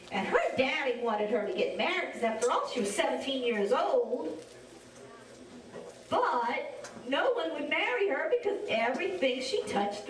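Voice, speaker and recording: A woman from south Louisiana with a Cajun accent, telling a story to children in an animated, drawn-out way and asking them questions. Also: sits high. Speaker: storyteller and face painter. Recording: echoey room from a distance.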